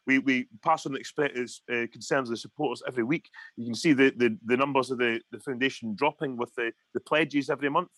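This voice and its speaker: A man's voice: medium pitch, steady tone, fast talker, hardly any pauses, fairly bright tone, no room sound. A Scottish man ranting heatedly in a casual podcast chat, swearing often. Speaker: podcast co-host.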